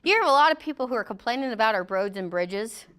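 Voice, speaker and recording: Woman, high pitch, safety trainer, jokey, acts out quotes, classroom talk. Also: expressive, quick pace, a bit bright, smooth. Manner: joking, acts out quotes in funny voices.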